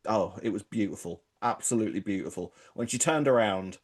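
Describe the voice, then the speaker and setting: A man's voice: fairly low pitch, a little fast. A man co-hosting a casual chat podcast, chatty and gushing, laughing easily. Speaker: podcast co-host.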